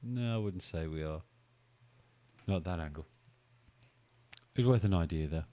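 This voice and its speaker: A man's voice: deep voice, normal speed, dark tone. A man hosting a live stream, chatting casually, thinking aloud and bantering with his viewers as he goes. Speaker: live-stream trading host.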